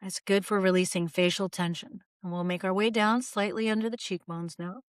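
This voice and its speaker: Calm woman voice coach, dry sound. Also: medium pitch, fairly quick, no echo. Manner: calm, gently guiding, models sighs and open "ah" sounds. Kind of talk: guided vocal exercise instruction.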